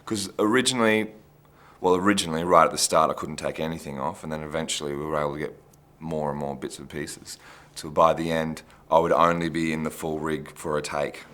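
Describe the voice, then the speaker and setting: Brief: very low-voiced man, interview, loose anecdotal delivery. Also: fairly even intonation, a little fast, fairly bright tone. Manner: chatty, anecdotal, restarts phrases. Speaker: actor interviewee. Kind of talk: behind-the-scenes interview.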